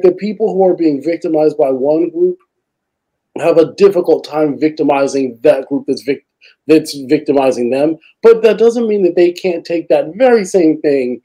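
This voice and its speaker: Earnest man in casual talk, slightly higher voice, mellow tone, swears, rambles. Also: poor audio. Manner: earnest, profane, rambling with many "like"s. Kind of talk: casual podcast conversation.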